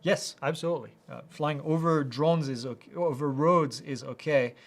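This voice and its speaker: During a live question-and-answer chat, the host reads what viewers sent in and replies informally, stumbling through with plenty of fillers. His pitch leans high.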